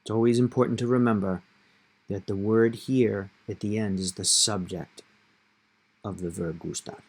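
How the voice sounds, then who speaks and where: A man's voice: on the low side, steady tone, moderate pace, husky. Male Spanish teacher explaining step by step. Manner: patient, step-by-step explaining with emphatic stresses. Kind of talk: grammar lesson explanation.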